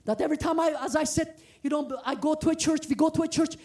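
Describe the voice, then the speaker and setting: Woman guest preacher from the former Soviet Union: high, gravelly, exuberant, pleading. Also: fast talker. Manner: exuberant, often bursting into shouts and sung phrases; earnest, pleading exhortation. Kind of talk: testimony sermon.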